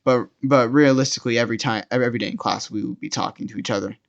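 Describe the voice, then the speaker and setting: A young man tells a personal story in a casual, rambling way, tripping over his words and repeating himself as he goes. His voice sits at an ordinary pitch for a man, and the recording sounds dull and lo-fi. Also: steady tone, rapid-fire, creaky.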